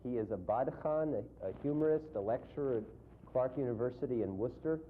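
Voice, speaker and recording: Male rabbi host, relaxed interviewer, lo-fi archive TV with faint hiss. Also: medium pitch, fast talker. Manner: relaxed, laughs easily at the guest. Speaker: rabbi and talk show host. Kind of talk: interview hosting. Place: television studio. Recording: tinny phone-like archive broadcast with faint hiss.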